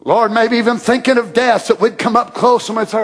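A man preaching a sermon, praying aloud in hushed, near-whispered passages that build to loud, shouted fervor. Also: extremely high pitch, steady tone, a little fast.

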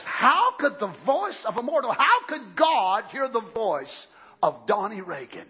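A man preaching a sermon with fervent shouting and exclamations of praise, in a dull lo-fi recording. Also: sits high, big pitch swings, unhurried, breathy edge.

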